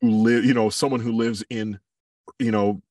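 Deep-voiced husky man, measured and reflective. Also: fairly even intonation, a little mellow, dry recording, clean studio sound, far from the mic. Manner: measured, reflective, explains with examples. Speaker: voiceover artist and coach, guest. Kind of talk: podcast interview, thoughtful conversation.

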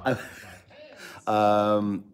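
A middle-aged man with a very low voice hosts a loose live-stream chat. He rambles from one thought to the next, reads out viewer locations, and drops dry jokes along the way. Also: little pitch movement, extremely slow. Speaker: host.

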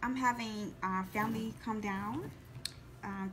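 A woman's voice: fairly high pitch, fairly even intonation, measured pace, noisy background. A woman getting her nails done, answering briefly and hesitantly in casual chat. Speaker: client having nails done.

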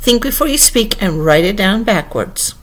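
A woman voicing a stern, bossy queen in a storybook reading, sharp and impatient. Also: medium pitch, lively intonation, moderate pace, close to an everyday voice. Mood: sharp, scolding.

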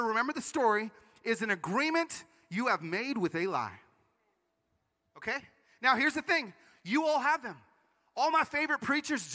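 A man's voice: very high-pitched, bright, forceful tone. A man giving a sermon-style conference talk, telling stories energetically with playful asides, in a large hall. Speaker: conference speaker. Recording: long reverb of a large hall.

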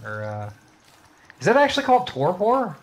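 A man's voice: high-pitched, wildly swooping pitch, moderate pace. A man chatting casually while playing a co-op game, laid-back but given to sudden swearing outbursts. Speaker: gamer. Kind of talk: casual co-op gameplay chat.

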